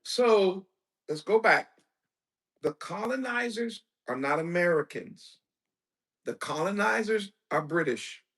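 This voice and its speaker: Man, preacher, lecture-style sermon, high-pitched, slow-paced, emphatic, rhetorical questions. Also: animated, fairly bright tone. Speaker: preacher and teacher.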